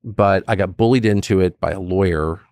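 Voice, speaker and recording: A man's voice: low-pitched, fairly quick, a little mellow, dry recording, clean studio sound. A middle-aged man, a political commentator, talking bluntly and emphatically in a podcast conversation, acting out the voices he quotes. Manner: blunt, swears.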